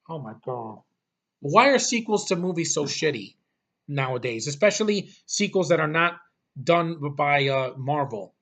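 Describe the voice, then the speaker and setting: A man with a somewhat high voice delivers a casual, exasperated rant. He is blunt and profane, and he rambles, restarting his sentences as he talks. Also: animated, moderate pace, fairly bright tone. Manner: exasperated, blunt, repeats "freaking" and swears. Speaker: movie reviewer.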